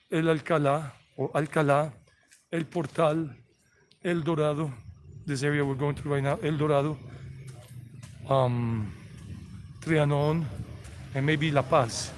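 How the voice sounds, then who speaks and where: Middle-aged American man, slightly high voice, rambling live-stream tour guide recorded outdoors over traffic. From United States. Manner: rambling, repeats himself, sings song snippets. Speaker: vlog host giving a walking tour. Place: outdoors on city streets. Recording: outdoor street noise behind voice.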